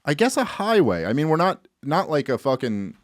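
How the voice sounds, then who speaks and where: A man in his thirties co-hosts a podcast and tells a story in casual chat, animated and swearing freely. His voice runs on the high side at a moderate pace. The studio sound is clean, with no room sound.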